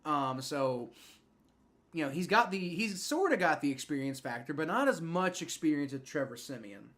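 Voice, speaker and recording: A young man hosting a live fan stream, giving rambling play-by-play and reaction with many fillers and restarts, getting excited on big plays. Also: on the high side, moderate pace. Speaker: livestream host.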